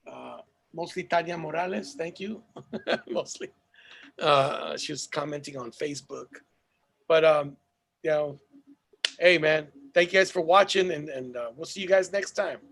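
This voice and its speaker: High, gravelly-voiced podcast host. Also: male voice, moderate pace, fairly bright tone. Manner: loose, profane, laid-back banter. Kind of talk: casual podcast chat.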